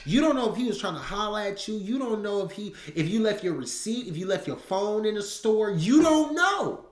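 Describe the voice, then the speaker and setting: A man's voice: sits high, fairly quick. A man hosting a reaction video, giving blunt, slangy commentary straight to his viewers. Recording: roomy echo.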